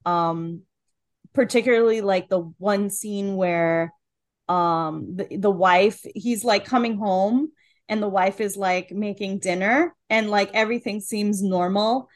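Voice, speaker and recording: A woman's voice: mid-range voice, slow pace, no echo. A woman in a casual podcast chat, talking over an episode she liked. She fills her speech with "like" and "um," and the recording is close and dry. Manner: chatty, many fillers. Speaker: podcast co-host.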